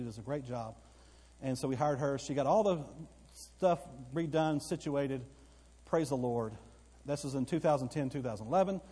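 A man preaching a sermon, spinning a story for his congregation and breaking into excited outbursts. His voice sits fairly high but sounds dark and a touch husky. The sound rings with the long reverb of a church hall. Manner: storytelling, rising to excited bursts. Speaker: pastor. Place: church sanctuary.

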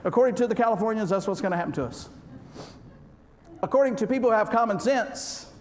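A man preaching a humorous sermon, folksy and joking, swinging between loud and soft. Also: sits high, fast. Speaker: pastor. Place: church sanctuary. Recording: reverberant hall with faint background noise.

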